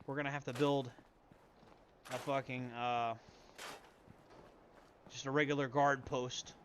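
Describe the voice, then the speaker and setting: This young man's gameplay commentary comes in a medium-pitched, level, fairly bright voice at a slow pace, with a little hiss or hum. He rambles, swears casually, and mutters to himself while he plays.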